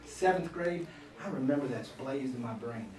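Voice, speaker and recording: A man's voice: medium pitch, animated, normal speed, a little mellow. A man in his fifties from Florida, lecturing a workshop on classroom management and acting out scolding teachers and students along the way. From Florida, USA. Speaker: teacher trainer. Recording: echoey room, distant mic, faint noise.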